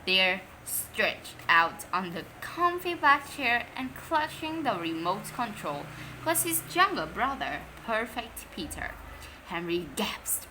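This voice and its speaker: A woman reading a children's storybook aloud in English, lively and expressive, Vietnamese native speaker. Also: mid-range voice, slow pace, a little hiss or hum, low-quality recording. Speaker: story reader.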